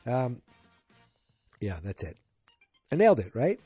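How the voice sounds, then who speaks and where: A man's voice: medium pitch, sing-song, dark tone, slightly rough, no echo, soft background music. A man in his forties hosting a casual solo podcast, rambling and joking as he retells a sitcom episode and acts out lines. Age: 40s. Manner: rambling, jokey, acts out characters in quick bursts. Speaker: podcast host.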